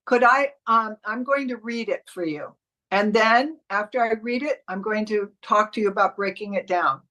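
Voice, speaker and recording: A woman coach with a bright, forceful, medium-pitched voice teaches a live online class at normal speed. She takes students step by step through marking up a commercial script, restarting often. The recording is rough.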